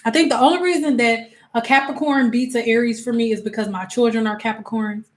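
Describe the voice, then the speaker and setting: Woman chatting on a livestream, kinda high voice, animated and slangy, repeats stuff for emphasis. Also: a little fast. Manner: animated storytelling with slang and acted-out quotes; emphatic repetitions. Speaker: spiritual coach and host. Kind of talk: casual livestream chat.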